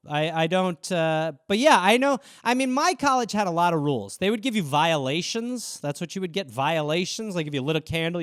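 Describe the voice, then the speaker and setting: A man's voice: on the high side, dry recording, clean studio sound. A man, hosting a casual solo show and riffing loosely on viewer suggestions in a rambling, self-mocking way. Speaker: host.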